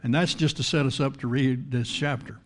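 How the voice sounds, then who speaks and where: A man's voice: medium pitch, steady tone, fairly quick. A man preaching a sermon in a conversational style, repeating words and asking the congregation questions.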